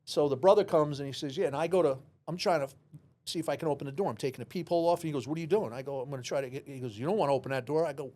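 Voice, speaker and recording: Fast-talking New man telling a story. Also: a little high. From New York City. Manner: animated storyteller, acts out dialogue, many restarts. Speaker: guest, former police officer. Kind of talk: storytelling in a podcast interview.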